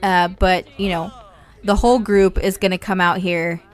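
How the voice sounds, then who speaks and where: A woman from Indiana giving bubbly, excitable, casual commentary on a life-sim game as the channel's host. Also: lowish voice, normal speed.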